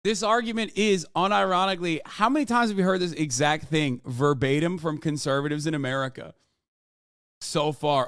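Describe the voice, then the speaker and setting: A man hosts a livestream, reacting to a clip with animated, profanity-laced commentary. His voice sits fairly high for a man. The sound is close and dry, with no room in it. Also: moderate pace, smooth, no room sound. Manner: animated, profane, talks over a played clip. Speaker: livestream host.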